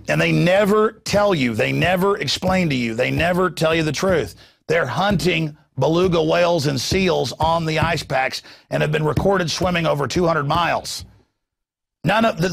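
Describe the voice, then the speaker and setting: A man's voice: a little high, animated, normal speed, gravelly. A man hosting a talk show, ranting in a combative, sarcastic monologue. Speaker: talk radio host.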